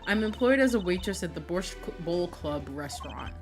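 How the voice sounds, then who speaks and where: A woman voicing a nervous female waitress witness in a game, in a weak put-on Russian accent and halting broken English. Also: lowish voice, expressive, natural voice. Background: game music.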